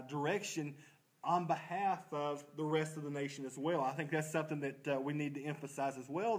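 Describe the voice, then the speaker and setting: A man's voice: on the high side, low-quality recording. A man leading a church Bible study, folksy and self-deprecating, quizzing the class and answering his own questions.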